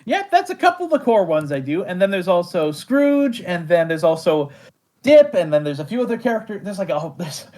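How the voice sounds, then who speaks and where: A man who creates and voices an animated show, chatting casually in an interview, rambling, laughing often and poking fun at himself. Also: high voice, fairly quick.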